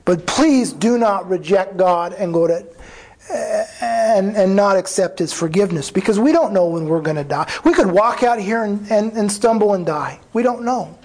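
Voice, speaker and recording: A man with a notably high voice delivers a sermon as a pastor. He speaks earnestly and conversationally, restarting phrases and voicing the words of others as he explains scripture. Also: moderate pace, darkish tone, rough recording. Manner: earnest preaching with restarts and quoted dialogue.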